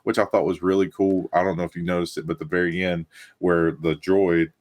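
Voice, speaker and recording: A man co-hosting a casual review chat, telling stories excitably. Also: low-pitched, a little fast. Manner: excitable storytelling. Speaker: podcast co-host.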